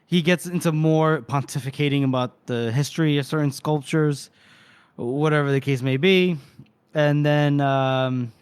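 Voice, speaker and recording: A man's voice: fairly high pitch, smooth, dry recording. A man co-hosting a casual book podcast, loosely retelling scenes with profanity and laughs. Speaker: podcast co-host.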